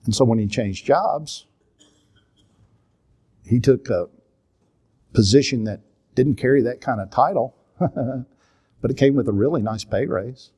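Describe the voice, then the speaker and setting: Teaching a church seminar, this Southern-drawling minister and counselor in his sixties draws lessons from his family's stories with an earnest, confessional warmth. His voice sits at a middle pitch with a breathy edge, at a measured pace with frequent pauses.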